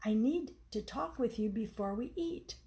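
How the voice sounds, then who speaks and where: A woman's voice: a little high, expressive, measured pace, warm tone. A woman reading aloud, voicing an eager, pushy husband who talks emphatically. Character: eager scheming husband, a working man.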